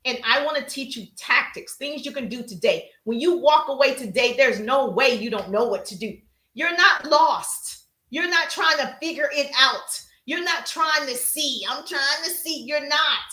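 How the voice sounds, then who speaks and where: A woman coaching a live-stream audience on business, with a high, bright voice and a punchy, emphatic delivery. She greets her viewers in the chat as she goes. The room sounds echoey. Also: lively intonation, moderate pace. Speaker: social media business coach.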